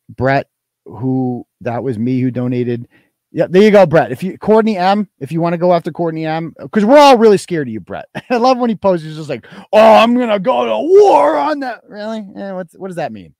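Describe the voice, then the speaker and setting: A man's voice: a little high, darkish tone, dry recording. A man hosting a live stream, reading donations and ranting in a profane, mocking, combative way. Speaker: live show host.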